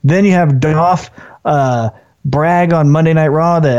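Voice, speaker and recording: A man co-hosting a casual wrestling podcast, talking in an animated way and briefly acting out wrestlers in put-on voices. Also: fairly high pitch, measured pace. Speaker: podcast co-host. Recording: dull lo-fi sound.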